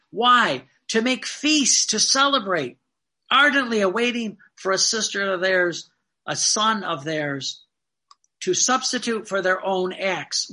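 A man's voice: high voice, pushed and bright. A man preaching a sermon, earnest and emphatic, often repeating phrases and reading out quoted passages.

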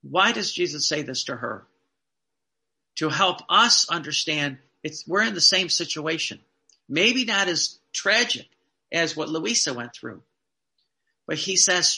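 Bright gravelly preaching man. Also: on the high side, lively intonation, measured pace, long pauses. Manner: earnest preaching, softens to a hush when quoting Jesus. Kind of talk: sermon.

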